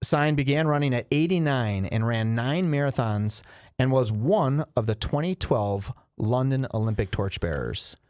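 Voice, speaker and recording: A man's voice: mid-range voice, moderate pace, smooth, no room sound, clean studio sound. A man co-hosting a podcast, telling jokes and stories in casual banter. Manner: joking, animated storyteller. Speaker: podcast co-host.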